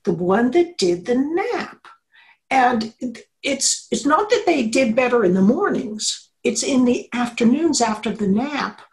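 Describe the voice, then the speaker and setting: A middle-aged woman professor talks through how learning works, with a slightly high voice. She explains in a lively, conversational way and slips into playful quoted voices as she goes. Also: measured pace, poor audio. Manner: animated explainer, acts out quotes. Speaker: engineering professor, interview guest. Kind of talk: conversational interview.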